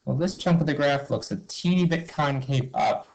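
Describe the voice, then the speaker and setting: His voice is fairly high, creaky and a little mellow, moving at a moderate pace. He leads an informal, upbeat math review, walking through every step, questioning and answering himself, and leaning on "okay" and "cool." The audio quality is poor.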